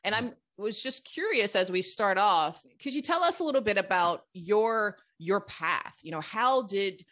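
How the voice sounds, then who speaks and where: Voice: medium pitch, lively intonation, moderate pace, pushed and bright. A podcast host interviewing a guest in a playful, casual way, laughing often.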